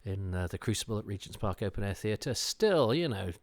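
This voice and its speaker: A middle-aged man talks through an old television episode as a podcast host, eager and digressive. His voice sits a little low. He stumbles over restarts and fillers as he chases one tangent after another. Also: animated, brisk, darkish tone.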